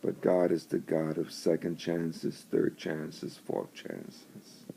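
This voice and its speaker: A man telling a story and then preaching on scripture, in a slow and deliberate way. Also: low-pitched, level tone, creaky, mellow, slight background noise. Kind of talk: storytelling devotional.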